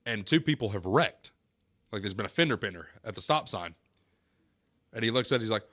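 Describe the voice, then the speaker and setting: A man with a drawl hosts a radio talk show in a studio. His voice is bright and forceful, and he spins chatty stories with easy laughter. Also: on the low side, big pitch swings, fairly quick. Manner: chatty storyteller, laughs easily. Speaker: sports talk radio host. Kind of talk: casual radio chat.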